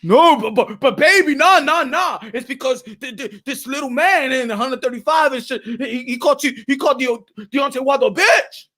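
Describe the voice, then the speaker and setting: A man's voice: very high-pitched, moderate pace, hardly any pauses, sharp tone, heavily acted. A man playing a defiant, stammering fan. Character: defensive male boxing fan husband.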